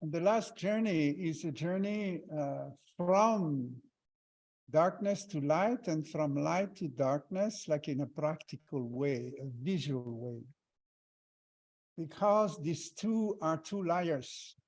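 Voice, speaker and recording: A man with a fairly high voice leads a breathwork and meditation session. He talks slowly, giving calm step-by-step cues with slightly non-native phrasing. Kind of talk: guided breathing exercise instruction.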